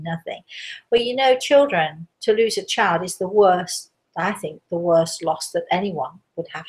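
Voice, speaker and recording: Woman host, live stream, chatty and rambling, slightly out of breath. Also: lowish voice. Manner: chatty, rambling, warm storytelling asides. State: a little out of breath. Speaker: host, medium. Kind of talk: casual live-stream chat.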